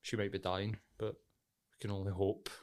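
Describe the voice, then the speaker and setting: A man's voice: fairly low pitch, little pitch movement, normal speed, a little mellow. Blunt, sweary Glaswegian man. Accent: Glaswegian Scottish. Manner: blunt, heavy swearing, laughs often. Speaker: podcast co-host. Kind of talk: casual chat.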